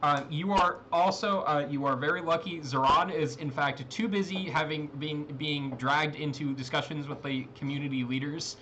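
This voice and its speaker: A man's voice: a little high, fairly even intonation, moderate pace, hardly any pauses, sharp tone, slight background noise. A man narrating a tabletop role-playing game as game master, rambling with many fillers and restarts.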